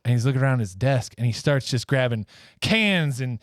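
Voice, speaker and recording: A man's voice: medium pitch, lively intonation, a little fast, dry recording, clean studio sound. A man co-hosting a podcast, telling a made-up movie plot in a rambling, laughing way and acting out the characters. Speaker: podcast co-host. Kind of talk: casual chat, storytelling a made-up movie plot.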